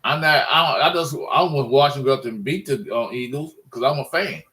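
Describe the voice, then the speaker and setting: Casting: man, mid pitch, fed-up fan ranting, rambling with restarts. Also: fast talker, sharp tone, rough recording. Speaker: sports fan vlogger. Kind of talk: casual ranting monologue.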